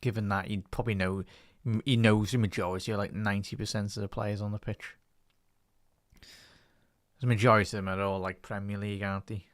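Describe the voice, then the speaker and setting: Smooth-voiced man doing casual football commentary. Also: fairly low pitch, flat delivery, fairly quick, dry recording, studio quality. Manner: chatty, talks to his chat between bursts of play-by-play; rises and speeds up on attacking moves. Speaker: live stream football commentator. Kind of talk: casual live match commentary.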